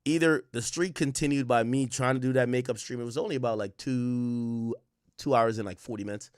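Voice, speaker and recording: A man's voice: medium pitch, a little fast, clear, resonant tone, no room sound, studio quality. Man loosely talking to his live chat. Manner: loose, profane, talks straight to chat, shouts out cities. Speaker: livestream host. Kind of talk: casual livestream chat, reading chat roll call. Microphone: desk mic close up.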